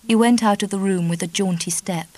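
A woman narrating a novel as an audiobook, reading in a measured, even way. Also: mid-range voice, poor audio. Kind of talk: scripted narration.

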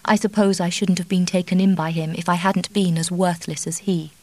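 A woman's voice: fairly low pitch, fairly even intonation, brisk, a little mellow, dry recording, close to an everyday voice, low-quality recording. A woman reading the part of a remorseful, anxious young wife who speaks earnestly and pleadingly.

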